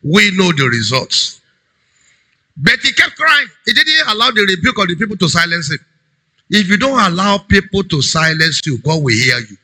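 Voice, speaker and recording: A man preaching a sermon as a pastor, emphatic, swinging between loud cries and low urgent tones. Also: sing-song, moderate pace, breathy edge, low-quality recording.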